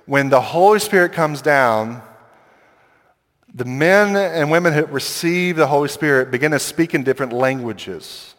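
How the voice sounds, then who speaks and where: A man preaching in a loose, conversational way, tossing in quick asides and playing out little quotes. His voice sits a touch high, and a long hall reverb trails behind every phrase. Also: fairly bright tone. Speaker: pastor. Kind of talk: sermon.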